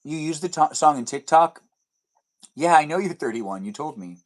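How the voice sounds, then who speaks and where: A man's voice: on the high side, lively intonation, normal speed. A young man hosting a casual live stream at home, rambling as he answers chat messages aloud. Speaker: livestream host. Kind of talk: casual livestream chat reading comments. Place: indoors at home with TV on behind.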